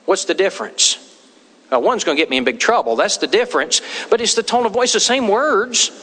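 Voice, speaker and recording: A man's voice: sits high, lively intonation, brisk, fairly bright tone. A man preaching a sermon in a church, telling homey stories and quoting people in acted voices. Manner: folksy storytelling with acted quotes. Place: church sanctuary. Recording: long hall reverb.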